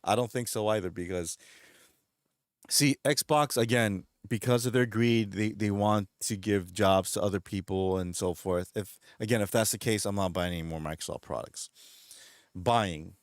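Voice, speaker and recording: A man's voice: fairly low pitch, moderate pace, no room sound. Rambling, dry-voiced male streamer. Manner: rambling, laughs often, does goofy voices in retold scenes. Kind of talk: casual chat while gaming.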